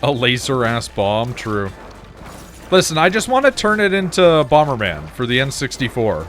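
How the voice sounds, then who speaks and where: A man's voice: mid-range voice, wildly swooping pitch, normal speed, fairly bright tone. A man casually commenting on a game he is playing while chatting with his viewers, loose and profane. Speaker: streamer.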